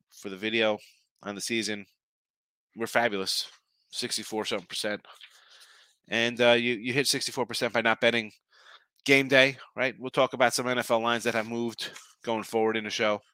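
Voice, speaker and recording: An older man hosts a sports betting show, gruff and scolding, hammering the same short jabs again and again. His voice is bright and forceful with an edge to it. The sound is close and dry, with no room around it. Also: mid-range voice, fairly even intonation, a little fast, dry recording.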